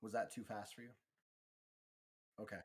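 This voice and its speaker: A man running a tabletop role-playing game as game master, explaining rolls and narrating the action in a relaxed, halting way. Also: lowish voice, husky. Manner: relaxed, halting, with frequent fillers and restarts.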